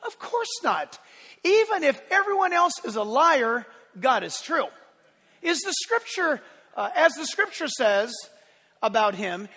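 A man pastor preaching a sermon in an animated, playful way, acting out voices with shouts and laughter. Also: extremely high pitch, unhurried. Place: church sanctuary. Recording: long church hall reverb.

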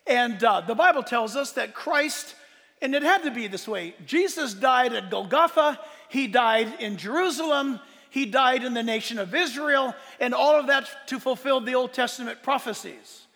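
A man preaching a sermon as a pastor, emphatic, asking rhetorical questions, with loud bursts of emphasis. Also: very high-pitched, moderate pace, in a large hall.

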